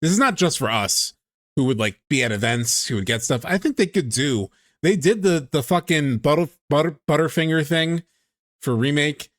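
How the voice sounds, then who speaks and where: A man hosting a stream, chatting excitedly and casually, swearing freely. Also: fairly high pitch, normal speed, dry recording, studio quality. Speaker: streamer host. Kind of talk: casual chat.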